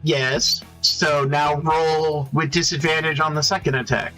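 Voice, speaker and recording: Male game master, higher-pitched and bright, who stalls to find a word now and then. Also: steady tone, unhurried, soft background music, low-quality recording. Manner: searches for words mid-sentence. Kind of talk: running a tabletop game.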